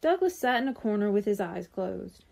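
Library storyteller, female, mellow tone, lively and expressive read-aloud. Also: mid-range voice, normal speed, gravelly. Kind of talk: reading a children's book aloud.

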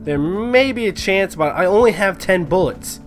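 A young man giving live, excitable commentary on a game he plays, swearing and yelling when surprised. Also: high-pitched, moderate pace, faint music behind. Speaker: gaming commentator.

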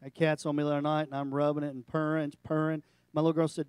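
A middle-aged male pastor giving a sermon, animated and storytelling, breaking into jokes. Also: fairly high pitch, fast, smooth, dry recording.

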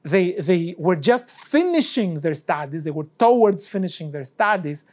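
Professor telling a lecture anecdote. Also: male voice, high voice, very animated, moderate pace, a little mellow. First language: not English. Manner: anecdotal storytelling that acts out both sides of dialogues. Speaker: economics professor. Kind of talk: university lecture.

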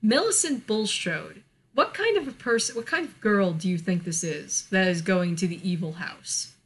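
A woman's voice: fairly low pitch, lively intonation, normal speed, breathy edge. An American woman co-hosting a podcast, talking in a chatty way, with many fillers, and laughing often. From United States. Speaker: podcast co-host. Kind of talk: casual chat.

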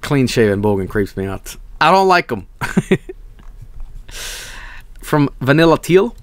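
A man's voice: mid-range voice, very animated, measured pace. A young man streaming, chatting casually and reading viewer messages, rambling and swearing, often breaking into laughs.

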